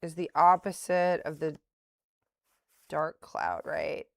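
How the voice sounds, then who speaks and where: Slow, low-voiced middle-aged woman thinking aloud. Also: big pitch swings, vocal fry, dry recording. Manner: thinking aloud, halting and self-correcting. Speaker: day trader streaming live. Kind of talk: live-stream chat, answering viewer comments.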